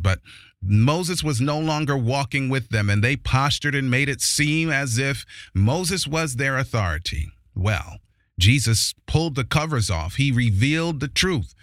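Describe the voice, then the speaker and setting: A man preaching a sermon who reads scripture slowly and with emphasis, then explains it with force. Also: medium pitch, fairly bright tone, no room sound, clean studio sound.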